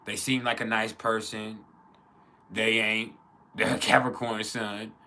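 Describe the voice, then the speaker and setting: Man on an astrology vlog: low, bright, forceful voice, crude humor, laughs a lot. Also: flat delivery, slow. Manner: profane, joking, laughs often; acts out quotes in other voices. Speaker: astrology teacher. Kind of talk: casual monologue on astrology.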